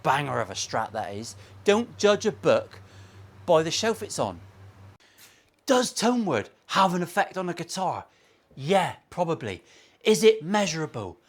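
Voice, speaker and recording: Animated sweary man ranting. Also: fairly high pitch, a little slow. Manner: profane, blunt, sweary ranting. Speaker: luthier and channel host. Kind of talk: casual opinion rant vlog. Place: workshop.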